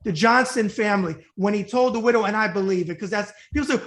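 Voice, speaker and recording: Guy from new york hosting a web interview, high voice, talks quick and blunt, repeats himself. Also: a bit bright. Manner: blunt, rapid, emphatic and repetitive. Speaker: web talk show host. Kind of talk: casual interview.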